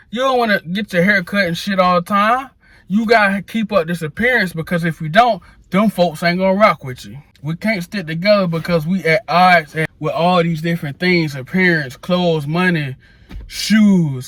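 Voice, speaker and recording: A man's voice: on the high side, a bit bright, dry recording. A man delivering a blunt, profane rant straight to the camera in a preachy, casual tone. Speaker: social media commentator.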